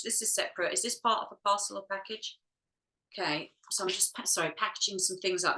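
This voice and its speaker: A woman guides a group healing session in a bright, clear voice, checking each step aloud in a soft, musing way. She sounds close to tears at times. The room around her is echoey. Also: on the low side. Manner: soft, musing, talks to herself while checking. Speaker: energy healer.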